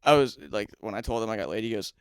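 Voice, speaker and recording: A man's voice: on the low side, fast, clean tone, dry recording, studio quality. A young man co-hosting a podcast in casual chat, teasing and profane, peppering his talk with "dude". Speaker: podcast co-host. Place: studio.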